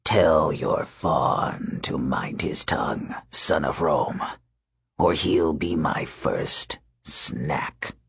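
A man voicing a menacing ancient wolf king with a low, slow, breathy snarl. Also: animated, no echo, in a whisper, clean studio sound, full character voice.

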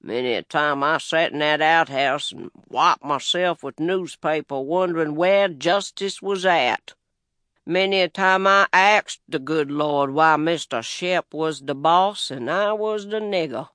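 A man with a Southern US accent tells a first-person story in dialect, wry and plainspoken. He takes his time, and his slightly high voice sounds smooth and resonant. It is a close, dry studio recording. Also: a little slow, sharp tone, no room sound. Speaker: narrator. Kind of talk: first-person audiobook narration.

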